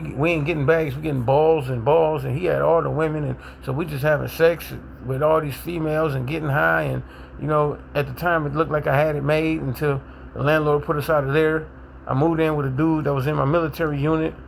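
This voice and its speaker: A middle-aged man casually telling his own recovery story with a Milwaukee accent, animated and acting out what people said. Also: gravelly, slight background noise. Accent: Milwaukee, African American Vernacular English. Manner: animated, acts out quotes, rises to excited high pitch in tense moments.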